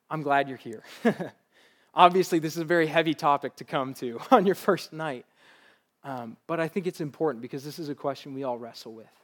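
A male pastor with a fairly high voice delivers a sermon to a church congregation. He speaks earnestly but conversationally, like talking to friends in the pews, and often laughs lightly. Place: church service before a live congregation.

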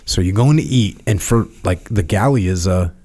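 A man with a low voice tells a story in a relaxed podcast conversation. He talks emphatically and repeats key phrases for weight. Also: moderate pace. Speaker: podcast host. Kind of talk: casual chat.

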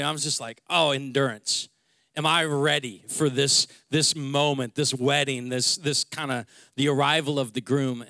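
A man in his forties, a pastor praying and then telling a personal story in a conversational, animated sermon. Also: mid-range voice, no echo, studio quality. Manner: conversational and animated, with many restarts.

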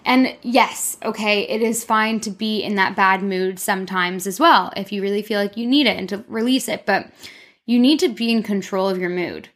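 A woman hosts a loose, unscripted solo podcast from her own room. She talks candidly and rambles, filling her speech with "like" as she gives herself a pep talk. Her voice sits at an ordinary middle pitch for a woman. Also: normal speed, fairly bright tone. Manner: candid, rambling, self-encouraging with many "like"s. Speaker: podcast host. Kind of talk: casual solo podcast monologue. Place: her own room, speaking toward a mirror.

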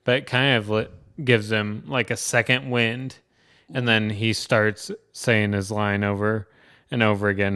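Man for a casual podcast, low smooth voice, easygoing, mostly short agreeing replies. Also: level tone, unhurried, bright, forceful tone. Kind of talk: casual movie discussion.

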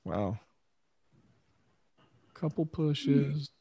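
A man hosting a casual chat show, thinking aloud in a measured way with pauses and fillers. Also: on the high side, lively intonation, gravelly, warm tone, slightly rough. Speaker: podcast host.

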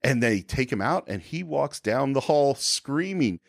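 Gravelly, animated podcast co-host man. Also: mid-range voice, measured pace, dry recording, studio quality. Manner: animated, stumbling restarts, acts out quotes. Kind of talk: casual film-discussion chat.

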